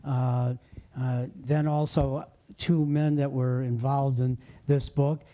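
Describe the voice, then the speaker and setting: An older man hosting a bookshop interview, speaking haltingly and filling his pauses with many hesitations. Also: medium pitch, level tone, warm tone. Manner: halting, frequent "uh" fillers. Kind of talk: conversational interview.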